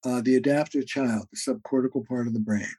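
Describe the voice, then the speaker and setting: A man's voice: mid-range voice, steady tone, brisk, warm tone, husky, no room sound, rough recording. A man who is a therapist and author, a guest on a podcast interview. He explains ideas in an earnest, teaching way with many "uh" fillers and acts out quoted arguments.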